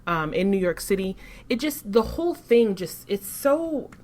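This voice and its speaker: A woman co-hosting a casual commentary chat, speaking in a thoughtful, measured way. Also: medium pitch, sing-song, a little mellow. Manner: thoughtful, measured, some restarts. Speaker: co-host.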